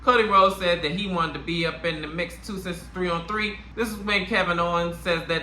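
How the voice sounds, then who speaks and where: A man with a New York accent recaps wrestling shows in a loose, slangy, animated way. His voice is bright and cutting. It sounds like he's talking in an echoey room, with faint noise under it. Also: sits high, fairly quick, few pauses. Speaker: wrestling review host. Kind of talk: casual YouTube review.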